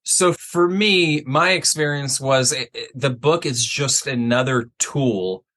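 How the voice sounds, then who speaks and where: Male guest, mid-range voice, relaxed and talky, heavy on fillers. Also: medium pitch, slow. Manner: casual, lots of "like" and "you know". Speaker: guest, wealth manager. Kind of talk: casual interview.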